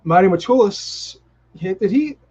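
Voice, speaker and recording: A man's voice: high voice, lively intonation, normal speed, darkish tone, breathy edge. A man with a Boston accent co-hosting a casual live stream, talking eagerly and restarting his sentences often. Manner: enthusiastic, rambling with restarts. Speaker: co-host. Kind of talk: casual chat. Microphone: video call. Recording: dull lo-fi stream audio.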